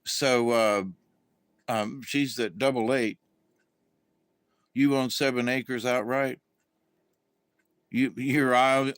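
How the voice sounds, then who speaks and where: A man's voice: medium pitch, a bit bright, no echo. A middle-aged man from Florida, hosting a casual, meandering monologue full of fillers and restarts. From Florida, USA. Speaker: channel host.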